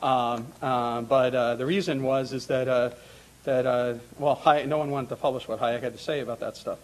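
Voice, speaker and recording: A man's voice: mid-range voice, steady tone, moderate pace. A middle-aged man introducing a panel in a lecture hall, talking informally with many fillers, restarts and asides. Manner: informal asides with light laughter.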